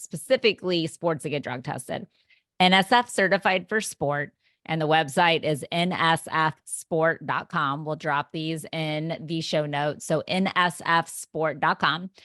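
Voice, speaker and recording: A woman's voice: low-pitched, a bit bright, no echo, clean studio sound. A woman hosting a podcast interview who listens with constant short agreements and then sums up points for listeners. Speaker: podcast host.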